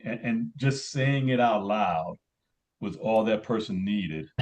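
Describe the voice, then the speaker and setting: A man on a podcast talking haltingly, repeating words and filling pauses with uh while he tells about peer support calls. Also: lowish voice, animated, darkish tone. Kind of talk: casual podcast chat. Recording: muffled, dull-sounding mic.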